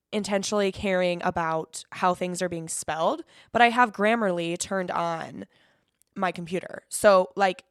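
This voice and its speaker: Young woman, podcast host, casual rambling chat, frequent cursing, lowish voice, dry close sound. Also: clean tone, dry recording. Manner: rambling, cursing, quick laughs.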